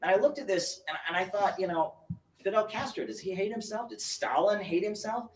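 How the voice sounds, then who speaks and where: A man giving a political speech in a hesitant, measured way. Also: high-pitched, lively intonation. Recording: echoey clip from far off.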